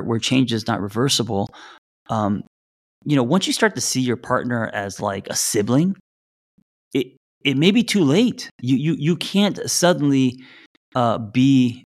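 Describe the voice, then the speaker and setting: A middle-aged man with a slight lisp, co-hosting a casual relationship podcast. His pitch sits in an ordinary middle range, and he talks loosely with plenty of fillers and restarts. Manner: conversational, reads listener letters aloud, many fillers. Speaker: podcast co-host.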